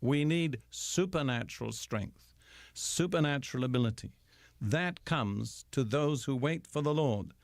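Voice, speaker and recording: An older man giving a radio Bible teaching, slow and deliberate, with emphatic pauses. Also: fairly high pitch, no echo, studio quality.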